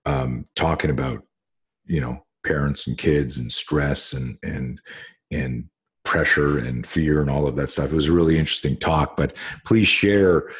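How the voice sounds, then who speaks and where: A man's voice: a bass voice, measured pace, husky. A middle-aged man hosting a casual conversation, telling rambling stories full of fillers and restarts and swearing casually. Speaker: host.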